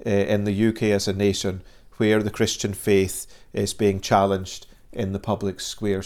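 A man in his forties from Scotland, with a Scottish accent tinged with Northern Irish, explaining the work of a Christian charity as a guest in steady, formal answers. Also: fairly low pitch. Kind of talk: measured interview answers.

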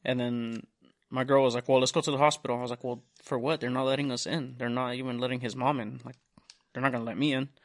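A man's voice: mid-range voice, level tone, fast talker. A young man on a casual podcast, telling a long rambling story full of swearing and quoted dialogue. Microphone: studio mic.

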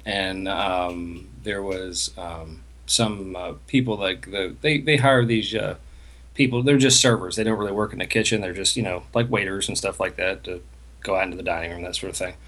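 A man co-hosting a podcast, telling a story in rambling, halting sentences that trail off into quiet fillers. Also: deep voice, steady tone. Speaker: podcast co-host. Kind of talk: casual chat.

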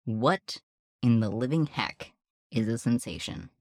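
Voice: mid-range voice, a little slow, no room sound, studio quality. A podcast co-host in casual chat, geeking out over textbook definitions and explaining things in a nerdy way.

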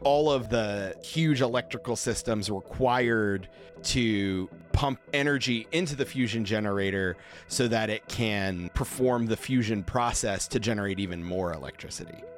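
A man's voice: on the low side, moderate pace, faint music behind. A man running a science-fiction tabletop game as game master, describing scenes in nerdy detail and laughing often. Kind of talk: narrating a sci-fi tabletop game.

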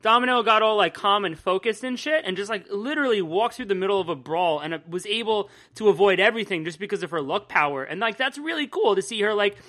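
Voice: mid-range voice, lively intonation, fast, few pauses, fairly bright tone. A podcast host in casual chat, rambling loosely and swearing freely.

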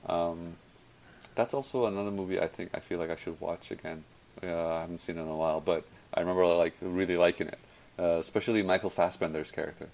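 A man's voice: deep voice, steady tone, quick pace, vocal fry, a little mellow, low-quality recording. A man chatting casually about movies, rambling with lots of fillers and restarts. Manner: rambling, many fillers and self-corrections. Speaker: conversation partner. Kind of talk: casual chat about films.

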